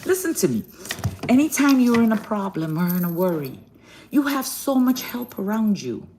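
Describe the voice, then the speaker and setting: A woman's voice: mid-range voice, big pitch swings, normal speed, a little mellow, a little hiss or hum. Affectionate woman chatting on a live stream. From Guyana. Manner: affectionate, calls viewers darling and baby; laughs often between greetings. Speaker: card reader on a live stream. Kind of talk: casual live-stream chat and card reading. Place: hotel room.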